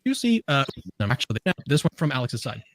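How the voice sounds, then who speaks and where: A man's voice: medium pitch, big pitch swings, fast, fairly bright tone, no room sound, clean studio sound. A man on a reaction panel talking casually and cracking jokes.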